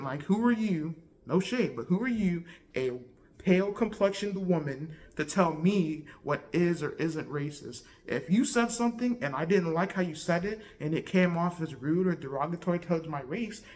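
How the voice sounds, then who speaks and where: A young woman telling a casual, slangy story for her vlog in an animated, laid-back way. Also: fairly low pitch, moderate pace. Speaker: vlogger.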